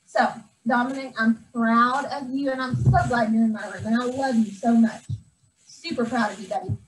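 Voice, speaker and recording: A woman teacher handing out awards to her first-grade class, speaking with warmth and sometimes getting teary. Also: on the high side, fairly even intonation, moderate pace. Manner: affectionate, gets teary. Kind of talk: award ceremony speech to a class. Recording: distant camera, faint room noise.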